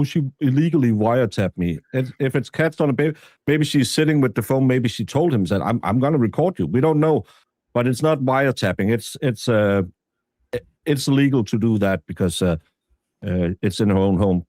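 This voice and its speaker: A man co-hosts a live stream and talks in an earnest, halting way, often restarting his sentences. His voice has a medium pitch and is recorded on a dry, close mic. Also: darkish tone, no echo. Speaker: stream co-host.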